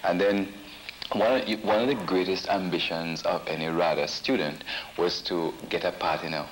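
A man calmly recalling past events in a documentary interview. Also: low voice, normal speed, a little hiss or hum, poor audio.

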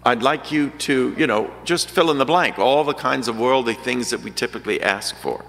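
Guy preaching a homily, acts out the voices of the crowds, bright voice, echoey church hall. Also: medium pitch, moderate pace. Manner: storytelling homily, acting out voices of crowds and Jesus. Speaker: pastor. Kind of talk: sermon. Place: large church.

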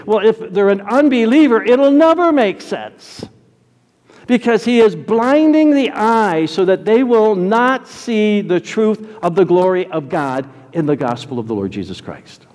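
A man preaching a sermon, animated, jumping from loud exclamations to quiet asides. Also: high-pitched, a little slow, long reverb tail.

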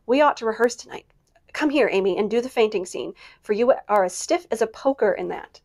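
A woman voicing a bold, impulsive teenage girl who talks in a quick, dramatic way. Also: on the high side, expressive, darkish tone. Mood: bossy.

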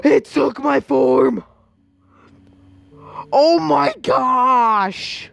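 A woman playing a scary maze game, gasping and yelling at the characters on screen. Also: sits high, lively intonation, drawn-out words, vocal fry, pauses often. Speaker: gamer. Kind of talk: game commentary.

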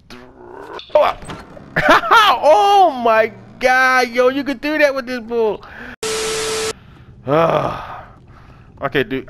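A man's voice: a little high, gravelly, fairly bright tone, slight background noise. A young man giving casual let's-play commentary, chatting to the game characters in slang and swearing often. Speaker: gaming channel host.

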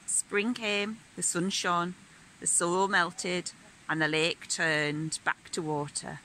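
A woman reading a picture book aloud to young children in a gentle, sing-song manner. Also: lowish voice, steady tone, slow pace, slight background noise, rough recording. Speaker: children's storyteller.

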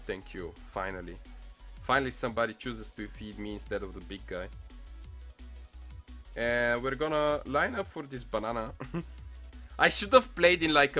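A young man casually commenting on a mobile game as he plays, excitable, muttering to himself and swearing often. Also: mid-range voice. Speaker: gaming channel host. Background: faint music playlist.

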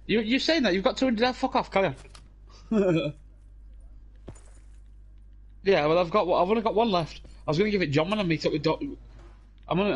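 A young British man in casual banter while gaming, telling rambling stories full of swearing and laughs into a headset at home. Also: a little high. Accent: British English. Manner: rambling, profane storytelling with frequent laughs. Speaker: gamer streaming with friends.

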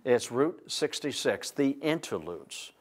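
A man lecturing on history to an audience, telling it as a lively, digressive story. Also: medium pitch, slow pace. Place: library event room.

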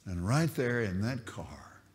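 A man's voice: lowish voice, takes it slowly. Older preacher man in a reverberant hall. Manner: animated, repeats and restarts words. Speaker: prison minister. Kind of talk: testimony storytelling.

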